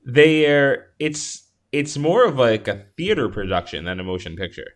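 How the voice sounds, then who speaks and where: Animated man hosting a movie chat. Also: medium pitch, normal speed. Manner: animated, restarts often, acts out quoted lines. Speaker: podcast co-host. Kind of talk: casual movie discussion.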